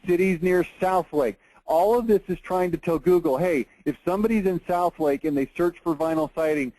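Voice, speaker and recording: A man's voice: on the high side, normal speed, dark tone, no room sound, rough recording. A man, giving a blunt, emphatic marketing webinar with an exasperated edge. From Texas. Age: 40s. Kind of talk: webinar presentation over screen share.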